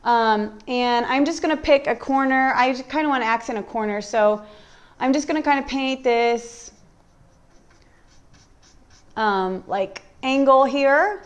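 High, clear-voiced woman teaching painting. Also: unhurried, pauses often. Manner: relaxed, chatty, thinking aloud. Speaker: furniture painting instructor. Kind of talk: live-streamed painting demo. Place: warm indoor workshop.

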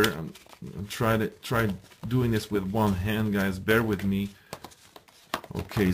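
A man giving a casual, enthusiastic unboxing review, chatting to viewers and pausing with ums as he handles the items. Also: fairly low pitch, a little hiss or hum. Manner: enthusiastic, chatty, often addresses viewers as guys; hesitant, with ums and restarts while handling items. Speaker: video reviewer.

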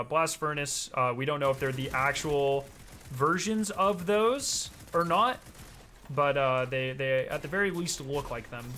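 A young male streamer chatting over his gameplay in a slightly high, bright, forceful voice. He is excitable, swears freely and breaks into sudden loud outbursts. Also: a little hiss or hum. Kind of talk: casual gameplay commentary.

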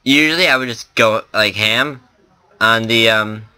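A man's voice: fairly low pitch, a little slow, pushed and bright, clean tone, no room sound. A man giving casual gameplay commentary as a let's play host, rambling and thinking aloud with lots of fillers.

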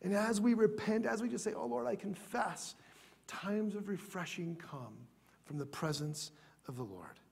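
A man pastor preaching a sermon in a church, earnest, sometimes dropping to a soft, prayerful tone. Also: high-pitched, moderate pace, vocal fry, slightly rough.

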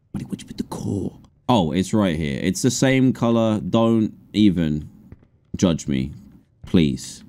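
A man giving excitable let's play commentary on a horror game, with sudden high yelps. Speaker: gaming streamer.

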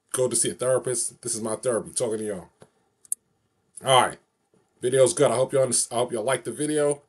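Vlogger type, forties, from new york, mid-pitched man, rambles and repeats, upbeat, chants prayers. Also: darkish tone, breathy edge. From New York City. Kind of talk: casual monologue vlog.

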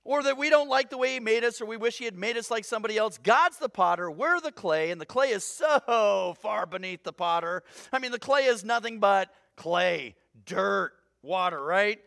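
A man preaching a sermon as pastor, animated and conversational, acting out little voices as he goes. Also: high voice, moderate pace, gravelly, hardly any pauses, no room sound, studio quality.

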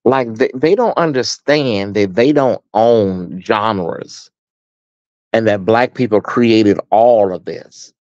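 A man's voice: lowish voice, slow pace, a little mellow, no echo, dull audio. A man with an American accent hosting a casual live stream, chatting sassily with his viewers and calling them honey and baby. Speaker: host.

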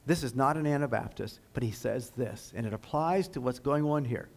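A man giving a history lecture at a high school, telling the story in an earnest, emphatic way. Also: moderate pace, darkish tone, low-quality recording. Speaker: guest lecturer.

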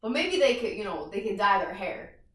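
A kids' yoga instructor leads a class of young children in a cheerful, sing-song way, making animal sounds along with them. Her medium-pitched voice swings widely in pitch at a moderate pace, picked up by a distant mic in an echoey room.

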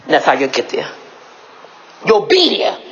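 A woman preaching on her own at home, shouting a repeated phrase, then dropping her voice and laughing between lines. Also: wildly swooping pitch, moderate pace, vocal fry, muffled recording. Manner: shouts a repeated catchphrase, then drops low, laughing often. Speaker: lay preacher. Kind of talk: informal spoken devotional. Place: home, indoors.

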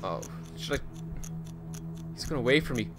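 A man streaming a video game live, reacting excitably and swearing often as he plays and talks to his chat. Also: mid-range voice, moderate pace, music in the background. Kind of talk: casual live gameplay commentary.

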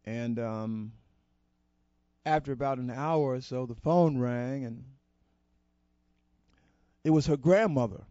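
A man telling a motivational story to an audience, expressive and with deliberate pauses. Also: medium pitch, no echo. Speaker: storyteller at a society program. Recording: dull lo-fi dry recording.

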